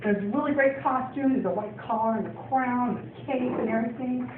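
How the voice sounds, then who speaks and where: A woman's voice: fairly high pitch, a little fast, slight background noise. A woman from Portland, Oregon, doing a stand-up comedy set, rambling with lots of ums and laughs. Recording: distant, echoey, phone-like club recording.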